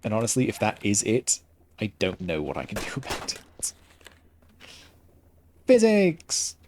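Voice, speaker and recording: Halting, lively-voiced male game streamer. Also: fairly low pitch, a little hiss or hum. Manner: halting, pauses often to find the next word. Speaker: gaming streamer. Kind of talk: casual gameplay commentary. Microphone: headset.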